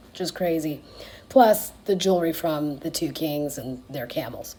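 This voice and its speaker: A woman's voice: deep voice, normal speed, dark tone. A woman casually retelling a Bible story in a slangy, chatty way, dropping to a whisper for asides.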